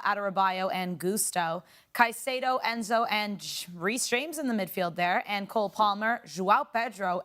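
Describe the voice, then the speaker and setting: Brisk woman presenting a football show. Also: mid-range voice, fairly bright tone. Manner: brisk, reads lineups and odds. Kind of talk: live football show hosting.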